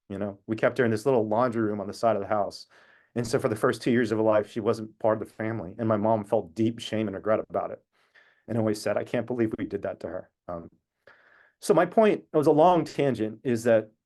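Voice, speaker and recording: A man's voice: on the low side, a little mellow. A man speaking as an activist on a video call, telling a personal story in an earnest, reflective way with long tangents. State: emotional at times.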